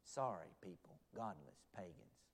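A man preaching a sermon as a pastor, moving between loud urgent pleas and hushed, pleading asides. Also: low-pitched, expressive, measured pace, breathy edge. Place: church sanctuary. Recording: long reverb of a large hall.

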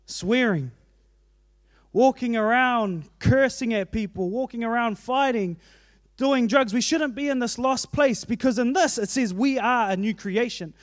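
A man's voice: extremely high pitch, dry recording. Kiwi guy preaching, earnest and chatty, dry close sound. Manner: earnest, conversational, personal asides. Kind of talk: sermon.

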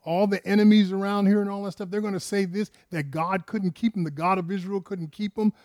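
Higher-voiced man preaching a casual sermon. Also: steady tone, fairly quick, darkish tone, no echo, clean studio sound. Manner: asks the listeners rhetorical questions; repeats words and restarts phrases. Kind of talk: conversational sermon.

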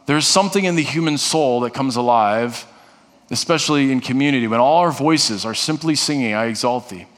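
A man's voice: medium pitch, fairly bright tone. A male pastor preaching a sermon in an earnest way, often restarting and repeating phrases. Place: church sanctuary. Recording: long reverb of a large hall.

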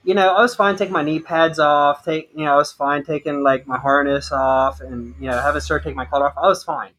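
A man co-hosting a casual podcast chat, telling a long personal story in an animated way. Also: a little high, brisk. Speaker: podcast co-host.

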